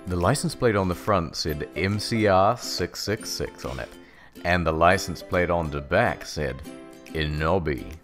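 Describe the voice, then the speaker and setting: A man narrating a comic reading in a deadpan, sarcastic style. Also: low voice, a little slow, faint music behind. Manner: deadpan delivery of absurd text, sarcastic. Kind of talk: mock-dramatic comedic reading.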